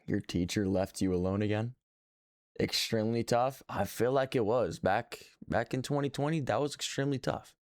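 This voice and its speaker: A man's voice: mid-range voice, moderate pace, darkish tone, no echo, studio quality. A man streaming live, reacting to his old videos with joking, sarcastic, self-mocking commentary.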